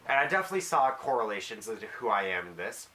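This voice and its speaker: A man's voice: on the low side, very animated, fast talker, pushed and bright. A teenage boy talking casually in a rambling, self-deprecating vlog monologue with jokey asides. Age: teens. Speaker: vlogger.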